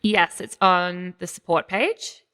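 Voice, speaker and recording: A woman guest on a podcast, upbeat and quick to laugh. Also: fairly low pitch, bright, forceful tone, clean tone. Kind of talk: casual podcast chat.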